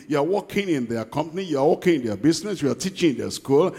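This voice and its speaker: A man preaching a sermon, emphatic and repeating his key points, slowing down to read scripture aloud. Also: a little high, expressive, creaky, warm tone, husky, big-room sound.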